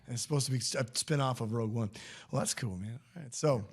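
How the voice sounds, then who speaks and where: A man's voice: mid-range voice, fast, husky. A man hosting a podcast in casual chat, rambling and chatty with frequent laughs and restarts. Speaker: podcast host.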